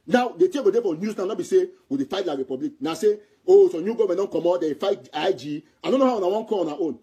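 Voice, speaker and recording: Speaking Cameroonian Pidgin English, this Southern Cameroonian man offers fiery political commentary on audio, hurrying through repeated points with heat and expression. His voice is high and husky yet dark and mellow.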